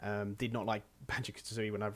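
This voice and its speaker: A man's voice: fairly low pitch, little pitch movement, quick pace. A man hosting a casual online podcast, rambling and correcting himself as he chats and chuckles. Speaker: podcast host. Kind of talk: casual chat.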